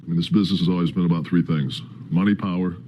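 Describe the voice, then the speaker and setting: A man giving an emphatic, gruff backstage wrestling promo in an archive TV clip. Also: low voice, steady tone, very fast, mellow.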